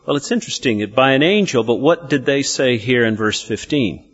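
A man's voice: medium pitch, animated, normal speed, slightly rough, muffled recording. A man preaching a sermon, asking his listeners questions and answering them himself. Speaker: pastor.

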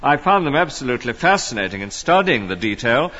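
A man's voice: medium pitch, big pitch swings, a little fast, sharp tone, in a large hall, dull audio. A man preaching an expository sermon in an earnest, emphatic way. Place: church.

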